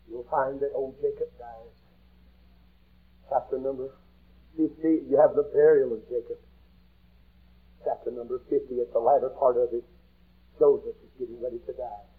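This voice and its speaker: A man preaching a sermon, retelling a story with impassioned shouts and quiet, hushed passages. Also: mid-range voice, little pitch movement, normal speed, pauses often, slightly rough. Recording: muffled lo-fi recording with faint hiss.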